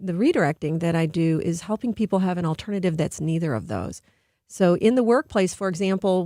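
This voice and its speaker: A woman's voice: fairly low pitch, dark tone, no echo. A middle-aged woman speaks earnestly into a studio microphone as a radio interview guest. She explains her ideas with care and slips into livelier voices when she quotes people. The sound is close and dry. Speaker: guest expert on behavior.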